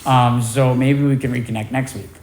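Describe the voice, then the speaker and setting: A man shares his recovery story at a meeting, candid and quick to poke fun at himself. His voice sits at an ordinary pitch. It rings in a roomy, echoing space. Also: steady tone, darkish tone, a little hiss or hum. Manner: candid, self-deprecating storytelling. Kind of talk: personal recovery testimony. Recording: echoey room.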